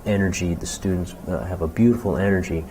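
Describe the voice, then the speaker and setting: A man being interviewed as a jazz clarinetist, talking reflectively with many restarts and growing animated when he quotes others. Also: sits low, fast talker, a little hiss or hum, rough recording.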